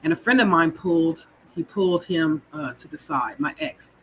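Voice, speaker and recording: On poor audio with slight background noise, a woman speaks at normal speed in a low-pitched, slightly bright voice. As a guest from California, she relates her own story with raw, frank emotion, cursing and repeating words.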